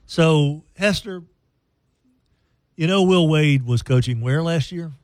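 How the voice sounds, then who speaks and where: A man's voice: a little high, slow pace, a little mellow, no echo. A man co-hosting a radio show in casual, rambling, joking chat. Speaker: radio host.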